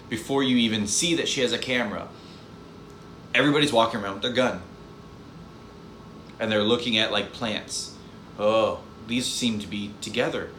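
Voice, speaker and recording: A man's voice: mid-range voice, pushed and bright, echoey room, slight background noise. A man giving a casual spoken movie review, exasperated and sarcastic, rambling with restarts as he complains.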